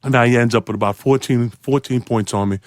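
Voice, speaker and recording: Animated storytelling man, dry close sound. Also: fast, dry recording. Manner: acts out quotes with big pitch jumps, laughs often. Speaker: storyteller guest.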